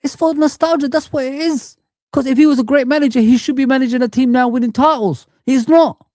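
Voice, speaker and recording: A man streaming a frustrated football rant, shouting out viewers and calling them guys and man. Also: very high-pitched, brisk, no room sound, clean studio sound. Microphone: streaming mic.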